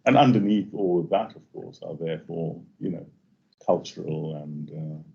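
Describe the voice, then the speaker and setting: Deep raspy guy giving a seminar talk, lots of uhs and restarts, muffled call sound. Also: fairly even intonation. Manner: halting, full of fillers and restarts. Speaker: invited speaker.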